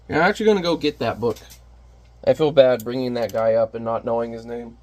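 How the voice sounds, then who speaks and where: A man's voice: medium pitch, brisk, gravelly, a little mellow. A man who is a parent, chatting casually and candidly while painting on camera, rambling and self-deprecating. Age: adult parent.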